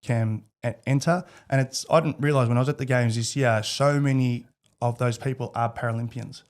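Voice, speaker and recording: A man's voice: mid-range voice, steady tone, a little fast, a little mellow. A man in his thirties with an Australian accent, a podcast guest talking candidly and rambling, with many restarts. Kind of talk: casual interview chat.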